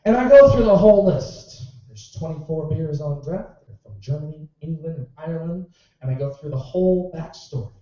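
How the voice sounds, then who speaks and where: An amateur stand-up comedian in a small club tells stories in a sarcastic, exasperated way, his dark-toned voice lively in intonation at a moderate pace. The recording is boomy, distant, and muffled, with heavy reverb.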